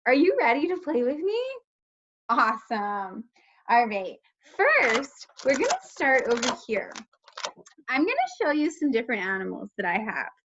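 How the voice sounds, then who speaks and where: A woman teaching young children, speaking slowly with an exaggerated, encouraging sing-song manner and praising often. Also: fairly high pitch, sing-song, noisy background. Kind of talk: child-directed lesson. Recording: dull lo-fi recording.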